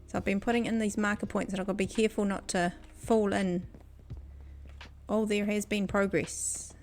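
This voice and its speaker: A woman's voice: mid-range voice, flat delivery, moderate pace, a little mellow. Giggly New Zealand woman streaming. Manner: giggly, chatty, talks to chat. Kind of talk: casual gaming stream chat. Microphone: desk microphone.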